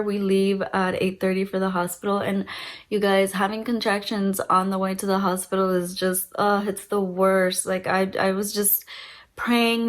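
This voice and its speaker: A young adult woman vlogger casually telling her birth story, chatty with many fillers and a lively retelling. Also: mid-range voice.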